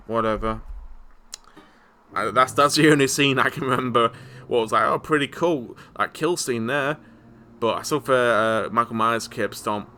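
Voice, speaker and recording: A man's voice: mid-range voice, sharp tone. A man ranting casually about horror movies, stammering and swearing, exasperated.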